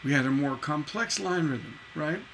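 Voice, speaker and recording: A man with a bright, somewhat high voice teaches songwriting in a loose, chatty livestream. He repeats himself, and he sings out syllables to mark a line's rhythm. A faint hum sits under the voice. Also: expressive, moderate pace, low-quality recording. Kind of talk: casual livestream lesson.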